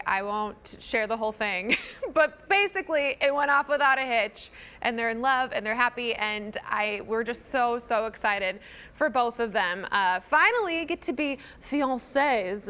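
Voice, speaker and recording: Upbeat bright-voiced female cohost. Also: on the high side. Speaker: talk show cohost. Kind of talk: live TV entertainment news chat.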